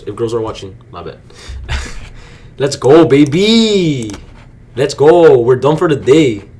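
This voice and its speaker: A young man casually commenting on his day trades to viewers, slangy and excitable, swearing freely. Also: medium pitch. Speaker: day trading vlogger. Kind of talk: casual live commentary while trading.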